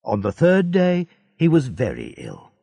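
Earnest, anxious young sailor with a husky, lively voice, read by a male narrator. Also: medium pitch, measured pace, no echo, full character voice. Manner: earnest, pleading.

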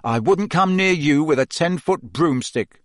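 A man's voice: high voice, sing-song, unhurried, a bit bright, no echo, clean studio sound, voice pushed up, exaggerated voice. A man reading aloud, voicing a hot-tempered, loyal teenage schoolboy in a raised voice. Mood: furious.

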